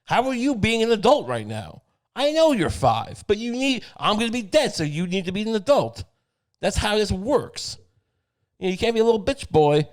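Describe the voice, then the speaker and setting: A man's voice: medium pitch, normal speed, natural voice. Man plays a dying father, selfish and scolding, cursing at his little son. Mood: exasperated. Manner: exasperated, guilt-tripping, profane.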